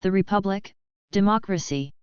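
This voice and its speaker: A woman's voice: medium pitch, moderate pace, clear, resonant tone, no room sound, lightly acted. Casting: heartbroken, pleading young wife, read by a woman, dry, dull sound. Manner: pleading, tearful.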